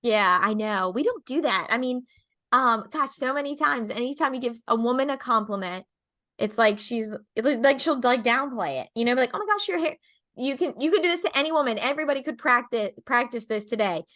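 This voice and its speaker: A woman hosting a podcast in casual chat, talking fast and loose with lots of fillers and acted-out quotes. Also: a little high, bright, forceful tone. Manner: chatty, lots of fillers, acts out quoted people. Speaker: podcast host.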